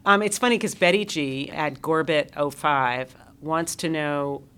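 Teasing low-voiced middle-aged woman hosting a chat, reads fan questions. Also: measured pace, a bit bright, clear, resonant tone. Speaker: host. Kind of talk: casual interview chat.

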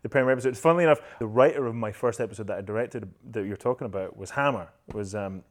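A man's voice: fairly low pitch, quick pace. A man who directs television, a guest in a casual interview, talking in an enthusiastic, gushing way.

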